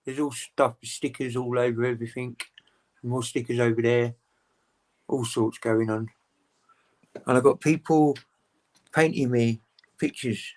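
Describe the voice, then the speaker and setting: A man chatting casually as a guest on a livestream video call, rambling, open and animated. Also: mid-range voice, a little slow, pauses often, low-quality recording. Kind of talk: casual chat.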